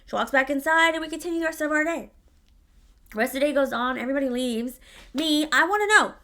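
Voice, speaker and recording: A woman's voice: high voice, fairly even intonation, quick pace, heavy background noise. A woman vlogger telling a story in a sassy, profane, dramatic way. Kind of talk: casual storytelling.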